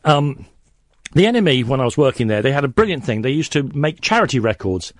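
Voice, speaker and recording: A man's voice: mid-range voice, very animated, brisk, dry recording. A man on a late-night radio show in the studio as a guest, telling rambling anecdotes with many restarts.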